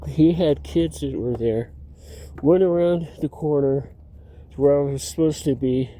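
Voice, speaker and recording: Outdoors, a vlogger with a warm, somewhat high voice tells rambling personal stories at a measured pace. He meanders, keeps cutting himself off, and laughs at his own tales.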